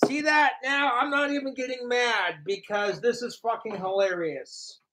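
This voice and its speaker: A man's voice: extremely high pitch, fairly even intonation, measured pace, bright, forceful tone, slight background noise, poor audio. A man livestreaming, ranting profanely and mockingly about his trolls and talking about himself in the third person. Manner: mimics his trolls in sneering voices.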